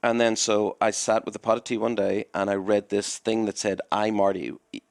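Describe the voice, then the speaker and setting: Male club owner as podcast guest: low voice, rambling storyteller who acts out the dialogue, dry close mic. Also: fairly even intonation, moderate pace, gravelly, no echo. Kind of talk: conversational storytelling.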